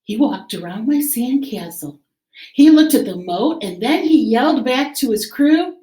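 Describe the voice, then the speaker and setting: A woman teacher reading a picture book aloud to children in an expressive, animated way. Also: on the high side, a little slow, roomy sound. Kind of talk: read-aloud story time for children.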